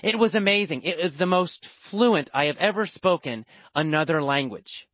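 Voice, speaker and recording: A man's voice: on the high side, lively intonation, normal speed, no echo. An American man teaching a language lesson through a personal story, emphatic and repeating words for stress. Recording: dull lo-fi dry recording.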